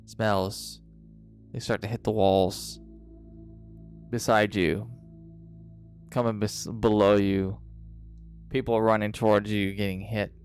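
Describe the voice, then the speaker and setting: A man narrating a tabletop game as game master, in a dramatic, drawn-out style with pauses. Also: on the low side, little pitch movement, darkish tone, faint music behind.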